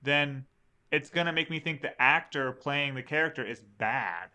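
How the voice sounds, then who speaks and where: Bright-voiced opinionated man. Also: on the high side, moderate pace, clear, resonant tone. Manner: opinionated, argues his point at length. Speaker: podcast co-host. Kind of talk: casual chat.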